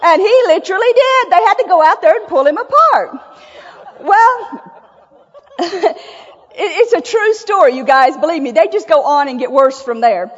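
A woman's voice: very high-pitched, expressive, moderate pace, pauses often. A woman giving a sermon in a church, telling stories in a folksy, chatty way and laughing often. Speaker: church speaker. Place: church sanctuary. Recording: echoey church hall, dull lo-fi sound.

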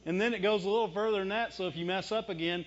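A male preacher with a high voice, delivering a sermon in a chatty way and firing off quick rhetorical questions he then answers. The recording sounds dull and lo-fi. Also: fairly even intonation. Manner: conversational, chuckling preaching. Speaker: pastor.

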